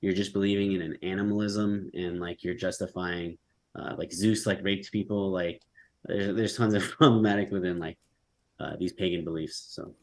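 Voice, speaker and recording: A man with a very low voice, debating casually on a video call. He rambles and fills his talk with "like" and "um" as he thinks aloud. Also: steady tone, moderate pace. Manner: rambling, heavy use of "like" and "um".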